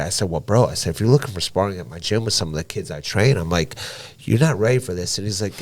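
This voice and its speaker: A man's voice: fairly low pitch, fast. A man, a professional boxer, telling stories on a podcast. He talks bluntly and swears freely, and acts out the dialogue in his anecdotes. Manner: animated storytelling with blunt swearing. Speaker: podcast guest, professional boxer and gym owner. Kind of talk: casual podcast conversation.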